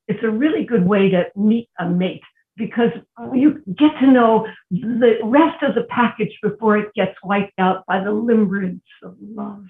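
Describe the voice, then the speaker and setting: Gravelly older woman telling a story. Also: medium pitch. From New York City. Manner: wry, unhurried, with self-mocking asides. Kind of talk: personal storytelling. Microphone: video call. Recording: phone-like, echoey room audio.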